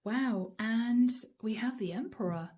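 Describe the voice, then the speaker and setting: Mellow-voiced woman reading tarot cards. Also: a little high, slow pace, slightly rough. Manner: dramatic, emphatic, repeats lines while acting out dialogue. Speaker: tarot reader.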